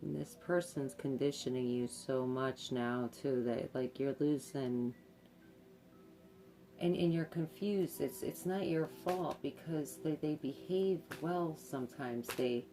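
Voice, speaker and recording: This woman reads tarot intuitively to the camera, her very deep voice warm in tone and unhurried. Her delivery is hesitant, full of filler words and repetitions.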